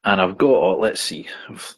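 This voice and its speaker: A man's voice: low-pitched, lively intonation, unhurried, slightly rough. A man joking around and laughing a lot, talking casually on a video call from home. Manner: jokey, laughs often. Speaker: podcast call-in guest.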